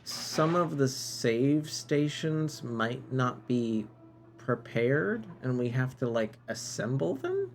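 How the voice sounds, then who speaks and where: A man's voice: medium pitch, sing-song, slow pace, slight background noise. A man streaming a game live, musing aloud and bantering playfully with viewers.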